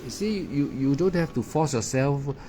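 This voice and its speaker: A man's voice: medium pitch, lively intonation, moderate pace, noisy background. A man teaching meditation in a Dharma talk, in broken English with many "ah" fillers and repeated words. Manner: non-native English grammar.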